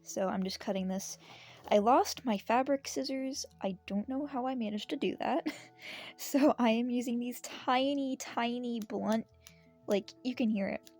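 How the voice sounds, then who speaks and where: A woman with a sick, hoarse voice, chatting casually through a sewing vlog and laughing at herself. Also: fairly high pitch, unhurried, soft background music. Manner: chatty, self-deprecating, soft laughs. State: out of breath. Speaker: sewing vlogger. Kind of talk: casual crafting vlog chat.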